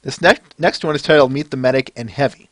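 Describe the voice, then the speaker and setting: A man's voice: mid-range voice, quick pace, no room sound. A male podcast host rambling casually through a fan-art review, with lots of fillers and chuckles.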